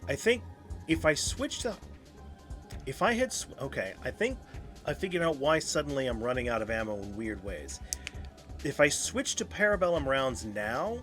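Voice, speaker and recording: A man's voice: mid-range voice, very animated, moderate pace, a bit bright, faint music behind. A man in his thirties giving casual let's-play commentary, talking to himself and to enemies and laughing often. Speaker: gameplay streamer.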